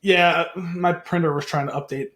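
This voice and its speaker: Man, podcast co-host, casual chat, stumbles while reading aloud, self-mocking, slightly high pitch. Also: fairly even intonation, moderate pace, a bit bright. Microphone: computer mic at home.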